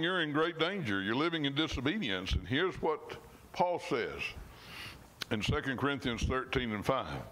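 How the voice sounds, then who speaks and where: Man preaching, slow and emphatic. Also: medium pitch, very animated, slight background noise. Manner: slow, emphatic scripture reading with sudden soft drops. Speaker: pastor. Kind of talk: sermon. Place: church.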